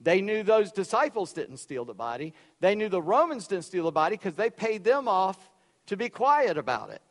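A man preaching a sermon, loud and emphatic, dropping suddenly to quiet for effect. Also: high voice, sing-song, moderate pace, long reverb tail. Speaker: pastor.

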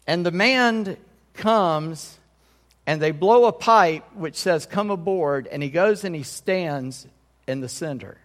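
A man's voice: a little high, slow pace, fairly bright tone, big-room sound. A man pastor preaching a sermon in a conversational way, often checking in with his congregation.

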